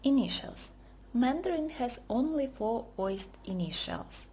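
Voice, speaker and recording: Slow, deliberate woman teaching pronunciation. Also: a little high, expressive, warm tone. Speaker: language teacher. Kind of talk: slow scripted lesson narration.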